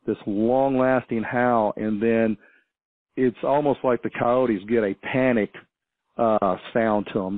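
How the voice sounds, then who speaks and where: A man's voice: on the low side, no echo. A man calling in to a radio show, telling a story in a rambling, hesitant way with many restarts. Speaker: caller. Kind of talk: casual storytelling on a call-in show. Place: small farm town. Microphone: phone. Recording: tinny phone line, dry.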